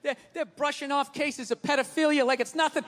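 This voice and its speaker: A man's voice: very high voice, fairly even intonation, fairly quick. A man doing a profane, ranting stand-up comedy routine, mocking people with put-on voices. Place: comedy stage before a live audience. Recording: reverberant venue with crowd and noise.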